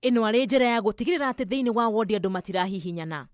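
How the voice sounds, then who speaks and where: A woman reading a news voice-over report in a brisk, steady manner. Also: mid-range voice, no echo. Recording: dry studio voice-over with music.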